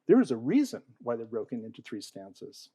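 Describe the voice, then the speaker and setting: A man's voice: medium pitch, huge pitch swings, a little fast, warm tone, slightly rough, dry recording, low-quality recording. A man giving an explanatory talk on poetry to an audience. He often checks in with "okay?" and "all right?" and puts questions to the listeners. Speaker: panel speaker on poetry.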